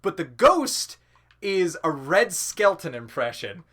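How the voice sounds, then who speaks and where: A man talks through a gaming session in a loose, rambling way, dropping swears and laughing at his own tangents. His voice sits fairly high and sounds bright. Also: sing-song, slow pace. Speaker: let's play commentator. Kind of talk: casual gaming chat.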